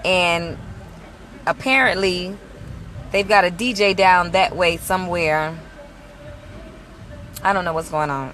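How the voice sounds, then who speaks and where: A woman ministry leader livestreams casually from her car parked outside a mall, greeting viewers by name and blessing them. Her voice sits on the low side, a bit bright, and she speaks slowly with frequent pauses.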